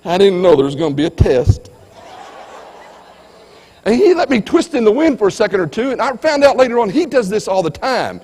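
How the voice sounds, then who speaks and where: Keynote motivational speaker, man, slightly high voice, emphatic and dramatic, big hall reverb. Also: very animated, a little fast, long pauses. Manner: emphatic, swings between loud and hushed.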